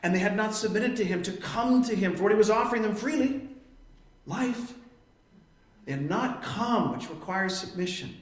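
A man with a fairly high voice teaches from scripture in an earnest, emphatic sermon. The sound is roomy and echoey. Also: lively intonation, moderate pace. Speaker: preacher. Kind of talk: expository Bible teaching.

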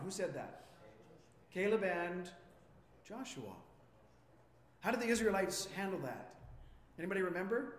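A man's voice: high-pitched, moderate pace, pauses often. A man preaching as a pastor, questioning the congregation and acting out quotes with a lifting voice. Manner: animated, asks the congregation questions; acts out quotes with rising voice. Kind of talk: interactive sermon. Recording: echoey hall with long reverb.

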